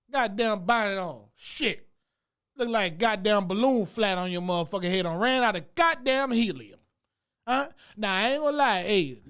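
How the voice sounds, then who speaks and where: A man, a comedy show host, delivering a profane, animated comic rant about what he has seen around town. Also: high-pitched.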